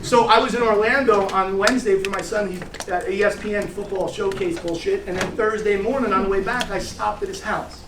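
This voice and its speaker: A middle-aged man with a fairly high voice runs a brash, salty sales training session. He sounds distant and echoey, as if a mic across the room caught him. A faint hiss of room noise sits under his talk. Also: fairly quick, hardly any pauses. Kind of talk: energetic training talk with stories.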